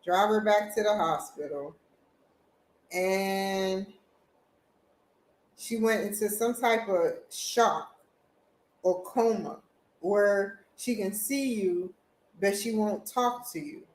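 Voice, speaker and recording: A woman hosting her vlog, telling a personal story in a halting, emotional way with many restarts and repetitions. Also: medium pitch. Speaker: vlog host. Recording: roomy echo.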